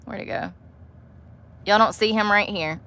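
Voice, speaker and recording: A woman's voice: mid-range voice, measured pace, creaky, bright, forceful tone. A woman vlogging to a phone camera from inside her parked car, chatty and profane, breaking into laughter often. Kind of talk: casual chat to camera.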